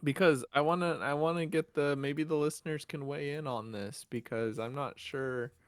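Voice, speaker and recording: Man, podcast co-host, casual chat, halting, many restarts, laughs easily, dry close sound. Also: a little high, steady tone, dry recording.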